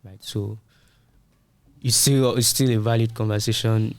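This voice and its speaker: A man with a fairly low voice talks through a topic on a podcast, casual and explanatory. The sound is dry and close, with little room echo. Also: steady tone, unhurried. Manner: explanatory, uses everyday analogies. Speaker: podcast co-host. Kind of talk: casual tech discussion.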